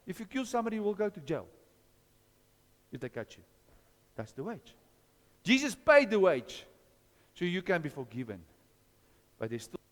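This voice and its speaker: A man preaches with a high, lively voice that leaps up and down as he questions his listeners. His sermon rings through a hall with a long reverb trailing every phrase. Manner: questions the congregation, animated. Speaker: pastor.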